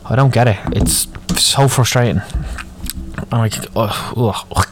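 A man's voice: mid-range voice, a little slow, noisy background. Sweary Dublin man ranting. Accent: Irish, Dublin. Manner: moaning, sweary, rambling. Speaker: podcast host. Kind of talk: solo ranting podcast.

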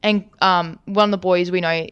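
A woman's voice: on the low side, fairly even intonation, moderate pace, a bit bright, clean tone, no room sound, highs cut off. A young woman co-hosting a podcast, telling a rambling story with lots of filler words and swearing. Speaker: podcast co-host. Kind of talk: casual storytelling chat.

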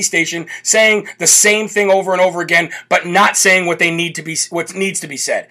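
A man's voice: high voice, fairly even intonation, moderate pace, hardly any pauses, bright, forceful tone. A man hosting a political talk show, ranting in a brash, fired-up way and hammering the same phrases over and over.

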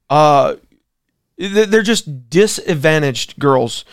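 Male pastor co-host, emphatic opinion talk, slightly high pitch, dry studio sound. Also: expressive, a little slow, no echo. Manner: opinionated, emphatic, rhetorical questions. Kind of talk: casual talk show commentary.

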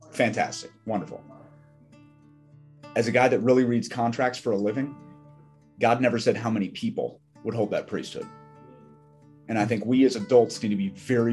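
A man's voice: fairly low pitch, darkish tone. A middle-aged man telling candid, joking stories as a podcast guest. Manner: candid and joking, with wry asides. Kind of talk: casual conversational storytelling.

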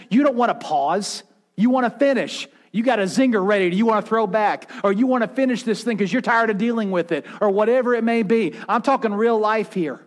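A man pastor preaching a sermon, swinging from intense raised passages to hushed quiet ones and acting out voices as he retells. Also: high voice. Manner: preaching with rising intensity and dramatic quiet drops; acts out quoted voices in his retelling.

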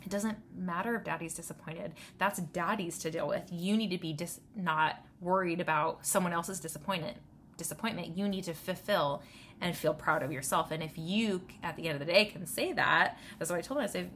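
A woman in her thirties with a slightly low voice, talking casually through self-help rules. Her delivery is loose and chatty, full of "um" and "like". She often ends a point with "right?" to check in with the listener. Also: a little fast, fairly bright tone, a little hiss or hum. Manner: conversational, tags points with "right?"; loose, with many fillers. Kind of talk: casual advice talk.

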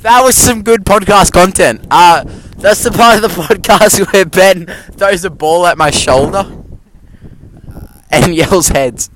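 A man hosts a silly podcast in a park, talking slowly and introducing each bit with mock ceremony. His voice sits a little high, and faint wind and outdoor noise run under the recording. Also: a bit bright, rough recording. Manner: playful, announcing segments in a mock-formal way. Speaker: podcast host. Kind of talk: joking outdoor podcast chat.

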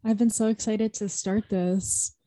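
A woman's voice: mid-range voice, a little slow, no room sound. A young woman co-hosting a podcast, telling stories in casual chat with lots of swearing and "like". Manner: animated storytelling, swears, heavy use of "like". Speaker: podcast co-host.

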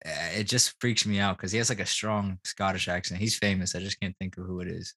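A man's voice: low-pitched, steady tone, fairly quick, bright, forceful tone. A man co-hosting a podcast, chiming in during casual chat. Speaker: podcast co-host.

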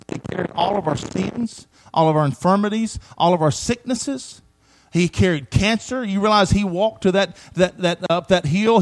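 A man with a high voice preaches a sermon full of emphatic repetition, shifting between loud declarations and hushed asides while calling on the congregation to respond. The recording quality is low.

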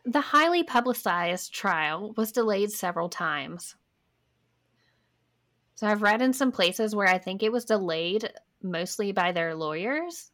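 A woman's voice: mid-range voice, animated, a little slow, a bit bright. A young woman co-hosting a podcast, reading history notes aloud in a casual way and stopping for wry asides. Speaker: podcast co-host.

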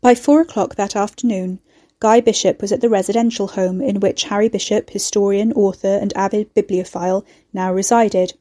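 Narrator, female, mellow and warm tone, steady read of a novel. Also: medium pitch, normal speed. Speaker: audiobook narrator. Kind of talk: scripted narration.

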